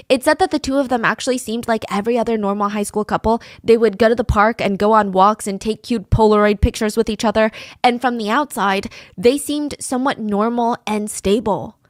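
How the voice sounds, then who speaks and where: A woman's voice: medium pitch, no room sound. A young woman recounts a true crime story in a chatty, casual way, full of "like" and "I mean" asides. Her voice is close and dry, with no room sound.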